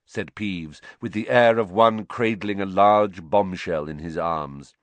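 A man narrating a storybook in an expressive, lively storytelling manner. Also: deep voice, measured pace, hardly any pauses, dry recording. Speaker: audiobook narrator.

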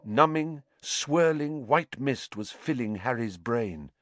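A man narrating a story aloud with dramatic, expressive delivery. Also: medium pitch, takes it slowly, no echo. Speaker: audiobook narrator. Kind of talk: scripted narration.

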